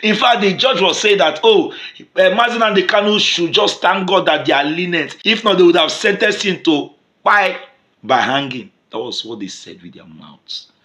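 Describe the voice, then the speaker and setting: Speaking to camera with a Nigerian accent, this vlogger gives fervent, repetitive commentary. His delivery is moderately paced and lively in intonation, shifting between loud bursts and low muttering.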